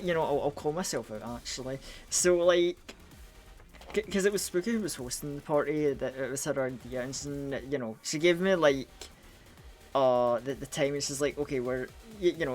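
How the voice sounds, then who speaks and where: A man streaming a game, chatting casually and rambling with lots of restarts while groggy from a cold. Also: a little high. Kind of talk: casual live gaming stream chat.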